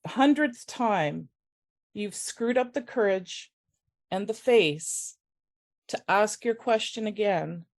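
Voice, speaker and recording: A woman faculty member giving a personal, emotional conference talk, halting with many restarts and audibly close to tears. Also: mid-range voice, animated. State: tearful. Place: conference room.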